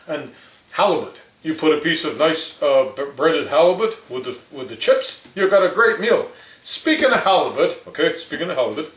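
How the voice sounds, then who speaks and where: A man's voice: a little high, a bit bright, reverberant. A man impersonating an opinionated older male hockey commentator, ranting in rambling, folksy asides. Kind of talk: comedic impression rant.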